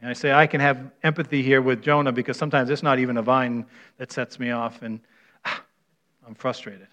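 A man's voice: mid-range voice, fairly even intonation, brisk, a bit bright. A middle-aged man preaching a conversational sermon, telling stories in a folksy way and often restarting or repeating words. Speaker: pastor. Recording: dull lo-fi sound.

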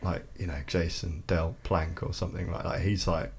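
A man's voice: low-pitched, level tone, normal speed, vocal fry, slightly rough. A man guesting on a podcast in casual chat, mischievous, with mumbled asides.

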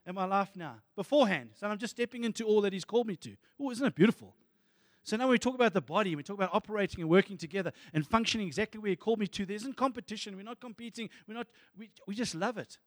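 Male pastor, high-pitched, animated sermon, dry close mic. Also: racing, dry recording, in a large hall. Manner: animated, excitable preaching with sudden soft asides.

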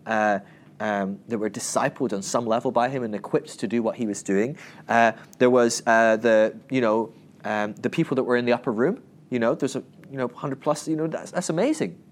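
A man's voice: mid-range voice, slight background noise. A man giving a casual Bible teaching talk, rambling with restarts and acting out the people in the stories. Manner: animated storytelling, acting out quoted voices; rambling with many restarts and asides.

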